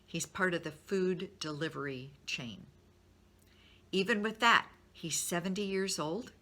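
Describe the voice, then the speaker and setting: A woman's voice: on the low side, measured pace, bright, forceful tone. A middle-aged woman speaking to her business network in a candid, encouraging way, openly sharing her feelings. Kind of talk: personal talk to a business network.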